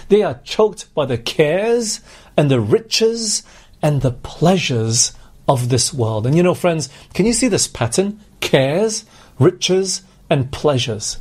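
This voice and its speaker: Husky-voiced man preaching a sermon. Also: a little high, a little mellow. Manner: earnest, questioning the congregation.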